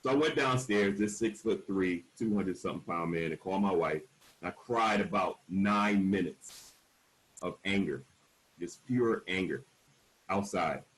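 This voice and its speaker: Frank, emphatic man with a lowish voice. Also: unhurried, rough recording. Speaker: panel speaker. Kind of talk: candid personal storytelling at a panel.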